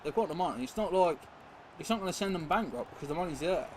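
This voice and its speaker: His voice sits high, with lively intonation, and he talks fast: a young man streaming a football game, rambling casually as he reacts to viewers and play. Background hiss is audible.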